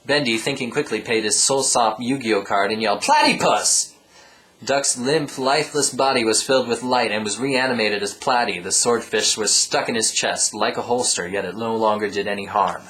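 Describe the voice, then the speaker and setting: A man reading a comic storybook aloud with deadpan ad-libbed asides. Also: lowish voice, a little fast, hardly any pauses, poor audio. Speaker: reader.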